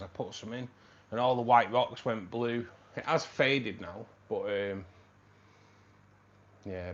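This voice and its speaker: The sound is dull, with slight background noise, as a man hosts a laid-back livestream from home. His fairly low voice is growing tired while he chats with viewers, reads their comments aloud and calls them mate.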